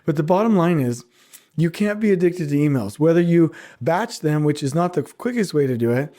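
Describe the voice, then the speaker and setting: A middle-aged man hosting a podcast alone, talking casually and teasing his listeners with quick asides. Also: on the high side, lively intonation, mellow. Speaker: podcast host. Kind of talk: casual solo podcast monologue.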